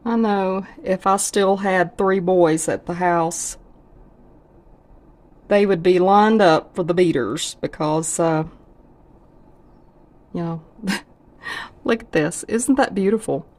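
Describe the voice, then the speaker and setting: A woman's voice: lowish voice, slow, long pauses, darkish tone. A middle-aged woman, chatting in a folksy way as she cooks and tastes food for her vlog. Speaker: home cook vlogger. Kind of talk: casual cooking vlog.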